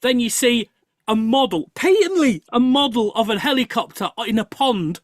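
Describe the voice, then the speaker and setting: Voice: mid-range voice, no echo. Host telling a story, dry mic. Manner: animated storyteller, halting restarts. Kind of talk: casual chat on a live show.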